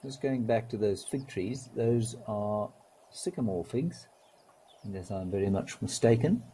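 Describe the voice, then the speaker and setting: A man hosting a live wildlife stream, talking in a relaxed, gently wry way and greeting viewers. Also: on the low side, unhurried, husky, low-quality recording.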